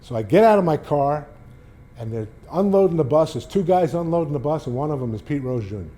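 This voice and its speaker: A middle-aged man from New York, a sportswriter, telling animated stories and jumping up in pitch when he quotes people. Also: fairly quick. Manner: animated storyteller, raises pitch for quoted lines. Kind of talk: storytelling talk.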